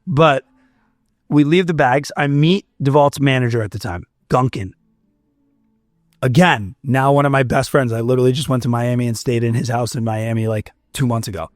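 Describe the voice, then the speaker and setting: A young Florida musician from Fort Myers tells a rambling podcast story, quoting dialogue and restarting as he goes, at a normal speed and medium pitch. Soft music plays in the background, but there's no room sound.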